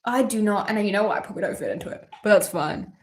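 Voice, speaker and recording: A young Australian woman speaks at a quick pace in a mid-range voice while hosting her birthday livestream. She rambles casually, reading viewer questions with plenty of ums and some offhand swearing.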